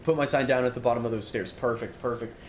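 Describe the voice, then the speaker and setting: A young adult man streams a game while standing in a dorm-style room, reading chat aloud and chatting in a rambling, filler-heavy way. His mid-range voice is fairly even in intonation and quick in pace, and the audio carries a roomy echo with faint room noise.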